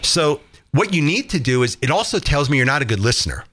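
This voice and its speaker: A man coaching on communication in an interview, lively and emphatic, joking as he explains. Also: a little high, fast. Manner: lively, jokey, emphatic, acts out examples.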